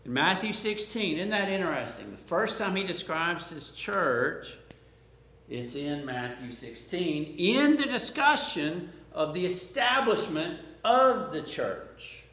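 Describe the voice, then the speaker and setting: Slow, emphatic preacher in an echoing hall. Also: male voice, high-pitched, big pitch swings, pushed and bright. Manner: explanatory, rises to emphatic points, asks the audience questions. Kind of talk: sermon Bible teaching. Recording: roomy echo.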